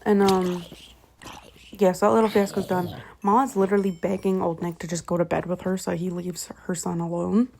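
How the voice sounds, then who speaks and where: A woman's voice: lowish voice, level tone, moderate pace, gravelly, darkish tone, slight background noise. A young woman retelling a book in a casual, rambling way, swearing freely and often correcting herself. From Canada. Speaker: vlogger.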